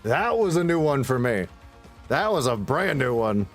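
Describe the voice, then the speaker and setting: A man's voice: mid-range voice, very animated, moderate pace, faint music behind. A young man telling blunt, profane stories with frequent laughter while gaming. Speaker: gaming streamer. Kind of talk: casual storytelling while gaming.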